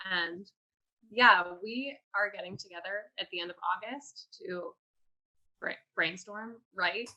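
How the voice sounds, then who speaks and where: A woman chatting as a guest on a theatre podcast, her voice bright and forward at a middle pitch. She talks in a relaxed, breezy way. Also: slow pace, poor audio. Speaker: guest, actor. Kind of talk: casual interview chat.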